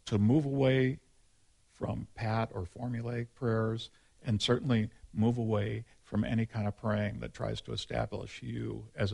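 A man's voice: lowish voice, vocal fry, darkish tone, slightly rough. A male pastor giving a sermon in a candid, conversational and informal way.

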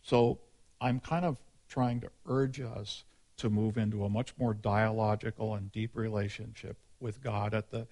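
A man's voice: on the low side, level tone, measured pace, a little mellow. A male pastor giving a sermon in a candid, conversational and informal way.

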